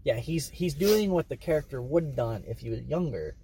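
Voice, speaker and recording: A man's voice: mid-range voice, expressive, a little fast, mellow, slight background noise. A man co-hosting a podcast, chatting casually about movies and acting out scenes with silly voices. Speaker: podcast co-host. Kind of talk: casual movie review chat.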